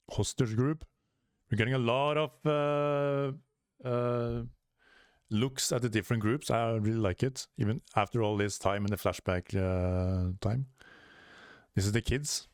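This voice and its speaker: A man's voice: medium pitch, fairly even intonation, a little slow, clean tone, no echo, clean studio sound. A man reading a comic aloud and commenting casually as a reaction host, hesitant, with many fillers and self-corrections.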